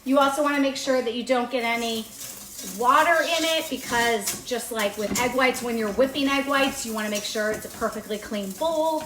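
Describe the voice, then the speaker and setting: A woman's voice: on the high side, moderate pace, echoey room, background noise. A chatty, enthusiastic woman teaching a live baking demo in her home kitchen and answering viewers' comments. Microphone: on-camera mic, moved around the kitchen. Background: mixer and kitchen clatter.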